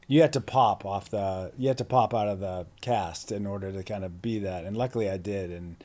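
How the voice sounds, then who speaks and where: A man's voice: fairly low pitch, fairly quick, mellow. A middle-aged man from Massachusetts, a guest actor in a casual interview, telling stories in a laid-back, slangy way with many fillers and restarts. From Plymouth, Massachusetts.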